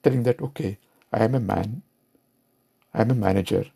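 A man's voice: fairly low pitch, brisk, gravelly, dark tone, slightly rough. A man with an Indian English accent giving a reflective spiritual talk, asking rhetorical questions as he goes. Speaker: spiritual teacher.

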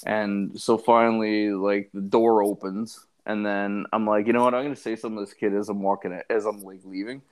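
A man's voice: fairly low pitch, flat delivery, fairly quick, hardly any pauses, darkish tone. Laid-back man with lots of fillers. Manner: casual, filler-heavy, self-mocking. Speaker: podcast co-host. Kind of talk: casual chat storytelling.

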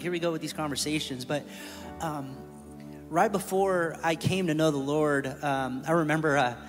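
Man sharing a testimony in a hall. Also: a little high. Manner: candid, storytelling, jokes with the room. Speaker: church staff speaker. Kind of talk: testimony sermon. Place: church sanctuary. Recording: reverberant hall with music.

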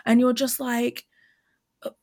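A woman's voice: medium pitch, big pitch swings, moderate pace, no echo, studio quality. A British woman guesting on a casual film podcast, giggly and playful, slipping into mock voices. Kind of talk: casual film review chat.

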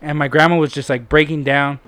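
A man's voice: on the high side, fairly even intonation, a little fast, fairly bright tone, smooth. A man casually telling a personal story as a guest, blunt and full of swearing and "like" fillers. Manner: candid, heavy swearing, frequent "like" fillers.

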